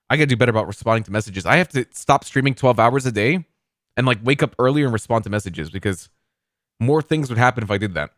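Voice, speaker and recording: A man's voice: mid-range voice, fairly bright tone, dry recording, clean studio sound. A man streaming live, chatting casually with his viewers and reacting to clips.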